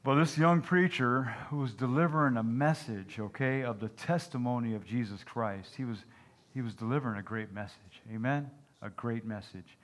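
A male pastor delivers a folksy sermon in a mid-pitched voice. He weaves jokes into his preaching and keeps checking in with the congregation with "Amen?" and "okay?". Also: normal speed.

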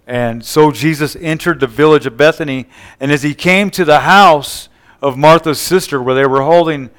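A man's voice: medium pitch, a bit bright, clean tone. A man preaching a sermon, retelling scripture scenes with quoted dialogue and frequent call-and-response asides.

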